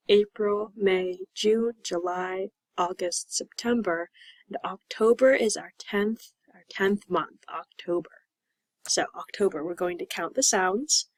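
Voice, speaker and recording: Woman ESL teacher, patient, slow repetitions, dry close sound. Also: medium pitch, no room sound, rough recording. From Pennsylvania. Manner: patient, drawn-out repetition of words. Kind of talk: slow, clear classroom explanation.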